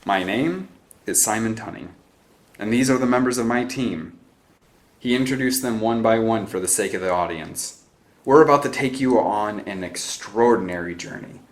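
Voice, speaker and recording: A man's voice: fairly low pitch, normal speed, lightly acted. A man reading the part of an eighteen-year-old boy who leads his team, giving orders in a cool, self-assured way. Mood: grandiose.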